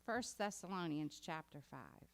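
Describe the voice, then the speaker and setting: A woman's voice: fairly low pitch, lively intonation, a little slow. A woman preaching a sermon in a conversational way that builds to emphatic exhortation. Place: congregation meeting hall.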